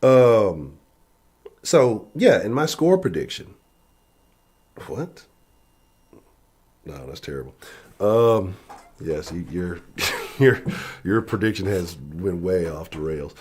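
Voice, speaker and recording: A man's voice: low voice, very animated, slow pace, pauses often, a little mellow, slightly rough. A man hosting his sports channel in a casual live-stream chat from his home office, profane and loose.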